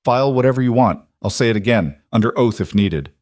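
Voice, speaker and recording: A man's voice: mid-range voice, animated, fast, darkish tone, no echo, studio quality, natural voice. A man voicing a protective widowed cowboy who speaks in a heated, accusing way. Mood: furious.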